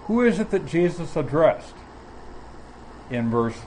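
A man teaching from the Bible in a measured, explanatory way, often pausing mid-phrase. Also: a little high, very animated, darkish tone, slight background noise, low-quality recording. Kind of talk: sermon.

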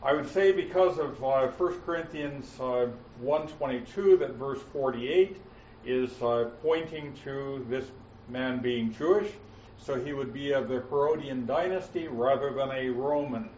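A man teaching verse by verse through a Bible passage, with frequent "uh" fillers and slowing down to stress quoted words. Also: medium pitch, darkish tone, slight background noise. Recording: roomy, muffled, mic at a distance.

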